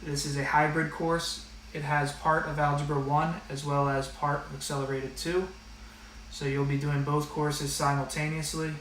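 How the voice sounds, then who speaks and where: A man's voice: fairly high pitch, flat delivery, normal speed, fairly bright tone, slight background noise. A man teaching an online math class and going over the rules, talking in a casual, direct way with a lot of fillers. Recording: echoey room, slightly distant mic.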